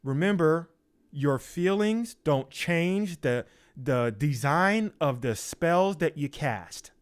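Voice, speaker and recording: Man, informal preacher, slightly high voice, slow and emphatic delivery, repeats for effect. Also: expressive. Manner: emphatic, repeats lines, acts out quoted excuses in a higher voice. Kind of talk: informal sermon.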